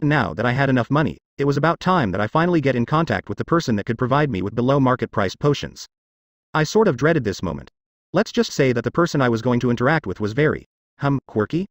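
A man's voice: medium pitch, dry recording, studio quality. A man narrating a fantasy web novel audiobook in the first person, with a wry, sardonic inner monologue.

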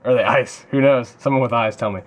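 A man's voice: medium pitch, fairly even intonation, a little fast. A young man vlogging casually on a city street, joking and swearing, recorded on a handheld camera mic. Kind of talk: casual vlog chat. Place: outdoors on a New York street.

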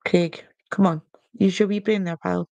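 A woman's voice: lowish voice, fairly even intonation, moderate pace, vocal fry, darkish tone, dry recording, dull audio. A young woman hosting a live stream, chatting playfully with viewers, giggling, and reading oracle cards aloud. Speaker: podcast host doing oracle card readings.

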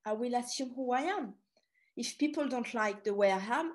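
A middle-aged woman from France with a French accent, telling stories in an animated, chatty presentation full of asides. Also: on the high side, moderate pace. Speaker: tour guide giving a talk. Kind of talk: storytelling presentation.

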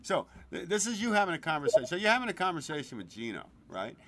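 A man's voice: fairly high pitch, wildly swooping pitch, fast talker, bright, forceful tone. Crude, laughing podcast host man. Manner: crude, joking, laughs often. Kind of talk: casual chat.

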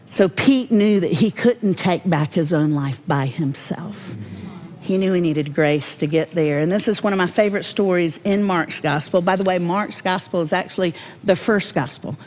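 A woman giving a devotional Bible teaching, folksy and humorous, with animated storytelling. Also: lowish voice, normal speed.

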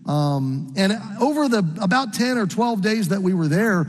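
A middle-aged man from the United States preaching a sermon as a story, earnest and halting with frequent restarts. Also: sits high, animated, big-room sound. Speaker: pastor.

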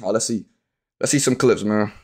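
A young man live streaming, loudly talking to his chat with profane, hyped trash talk and frequent shouting. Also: lowish voice, normal speed, heavy background noise.

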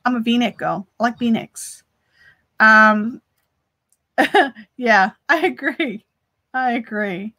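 A woman chats on a live stream while she crochets. Her voice is bright and a little high, and she talks straight to the viewers as she reads their comments out. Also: drawn-out words, pauses often. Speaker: crochet livestream host.

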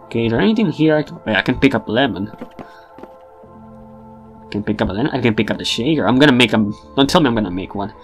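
A man's voice: medium pitch, lively intonation, quick pace, long pauses, faint music behind. Man chuckling through a game playthrough. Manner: wry, chuckling asides. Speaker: gamer. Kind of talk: casual game commentary.

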